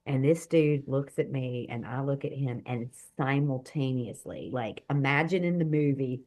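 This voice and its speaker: A woman guest telling a personal story in an expressive, animated way, swinging between hushed and loud. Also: rumbling low, moderate pace. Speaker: guest, author and speaker. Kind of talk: animated storytelling in a podcast interview.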